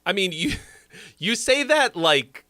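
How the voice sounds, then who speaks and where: Male streamer host, casual and jokey with frequent swearing; bright, animated voice, dry close sound. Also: high voice, slow pace, dry recording. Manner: swears freely, rambling and jokey. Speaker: streamer and song critic. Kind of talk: casual live-stream chat.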